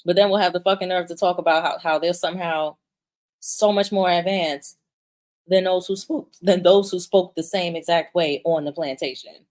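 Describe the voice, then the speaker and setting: A woman's voice: fairly low pitch, fairly even intonation, moderate pace, darkish tone. A young woman giving blunt, profane, emphatic commentary, restarting her sentences, and sometimes reading viewer comments aloud. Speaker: commentary vlogger. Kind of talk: opinionated commentary.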